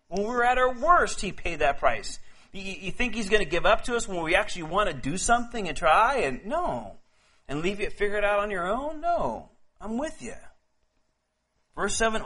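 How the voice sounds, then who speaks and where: A man preaching a casual, conversational sermon, often repeating words as he goes and reading scripture slowly and deliberately. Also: fairly high pitch, fairly bright tone.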